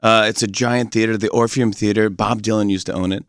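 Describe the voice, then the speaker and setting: A man's voice: fairly low pitch, fairly even intonation, fairly quick, no room sound, clean studio sound. A man chatting as a guest on a morning radio show, joking around and slipping into silly voices. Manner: jokey, slips into silly voices. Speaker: talk show host guest. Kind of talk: radio interview chat. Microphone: studio microphone.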